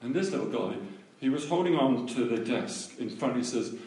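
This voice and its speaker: A man preaching, telling a testimony story with animated delivery and acted-out voices. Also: mid-range voice, normal speed. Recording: echoey room, voice from a distance.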